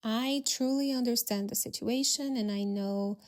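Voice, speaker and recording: A woman voicing a calm, firm rich host. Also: a little high, normal speed, lightly acted. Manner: calm, patient, matter-of-fact. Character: calm wealthy male party host, firm.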